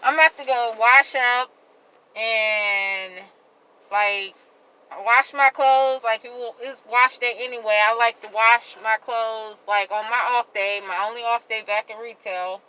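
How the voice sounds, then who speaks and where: A woman vlogger venting to her viewers in a heated, rambling rant, repeating herself and filling every pause with "like.". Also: a little high, steady tone, bright, forceful tone, clear, resonant tone, rough recording. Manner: heated, repetitive rant full of "like". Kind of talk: venting monologue to camera.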